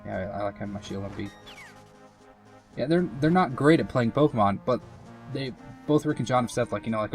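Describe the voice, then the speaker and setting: Young male let's-player, loose rambling chat, self-deprecating, mid-pitched voice. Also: animated, fairly quick, pauses often, faint music behind. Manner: rambling, filler-heavy, self-mocking. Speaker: let's play commentator. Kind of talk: casual gameplay commentary.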